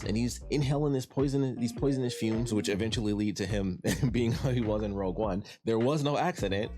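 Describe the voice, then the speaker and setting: A man from Detroit talks through a show review in a loose, rambling way. He often repeats himself and restarts his sentences. His voice sits on the low side, and soft music plays faintly behind him. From Detroit, USA. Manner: rambling, repeats words and restarts, many fillers. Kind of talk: casual spoken review.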